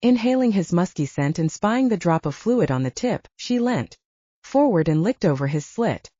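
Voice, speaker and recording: Female audiobook narrator, low and mellow, animated; dull, dry recording. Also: moderate pace, no room sound. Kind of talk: scripted narration.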